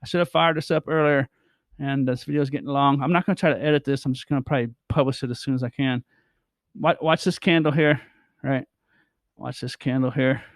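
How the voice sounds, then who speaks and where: A man's voice: mid-range voice, steady tone, fairly quick, dry recording. Casting: male chart vlogger, rambling and stuttery, mid-range voice, dry close sound. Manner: rambling, repeats himself, stammers. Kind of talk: casual chart commentary.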